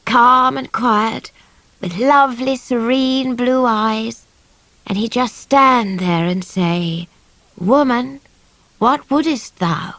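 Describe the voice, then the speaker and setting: A woman's voice: fairly high pitch, takes it slowly, fairly bright tone, dry recording, voice pushed up, low-quality recording. A woman reading the part of a prim, pious older grandmother in an audiobook, with a proper, correcting manner. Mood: musing. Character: genteel, pious elderly grandmother.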